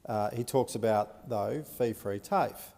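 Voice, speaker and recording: A gravelly, dark-toned Australian man rises to speak in a parliamentary debate, measured and pausing often as he builds his case. The long reverb of a large chamber hangs around his voice. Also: on the low side. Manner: measured, frequent "uh" pauses. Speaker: senator. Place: Senate chamber.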